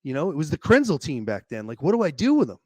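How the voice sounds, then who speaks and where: A man telling a personal story as a podcast guest, animated and casual, swearing freely and repeating words as he hurries on. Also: on the high side, fast, dry recording.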